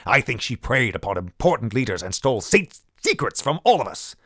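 A man's voice: medium pitch, sing-song, a little fast, a bit bright, dry recording, clean studio sound, pitched above the performer's own voice. A man reading an audiobook, voicing a proud older general who is demanding and snappish. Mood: grim. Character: gruff proud older male general, blustering.

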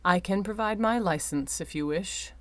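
A woman voicing a composed, polite male debt collector who speaks quietly and formally. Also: medium pitch, moderate pace, no echo, close to an everyday voice.

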